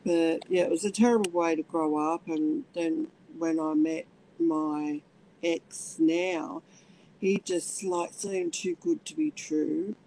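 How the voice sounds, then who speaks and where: Gravelly middle-aged woman. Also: lowish voice, animated, dark tone, poor audio. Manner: halting, many restarts, acts out voices in quotes. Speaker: interviewee. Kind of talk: personal storytelling.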